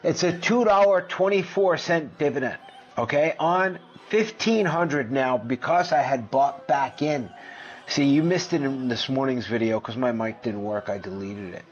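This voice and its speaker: A man hosting a finance video, talking casually and excitably over his screen, brash and profane as he runs through figures. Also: medium pitch, a little slow, dull audio, faint music behind. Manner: brash, profane, excitable, jumps between numbers. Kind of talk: casual screen-share commentary.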